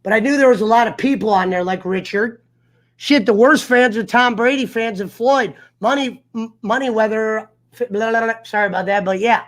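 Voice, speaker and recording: A man's voice: sits high, moderate pace, fairly bright tone. A man hosting an online sports talk show, telling a heated story in a profane, fired-up rant. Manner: profane, fired-up storyteller who mimics others. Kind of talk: casual livestream rant.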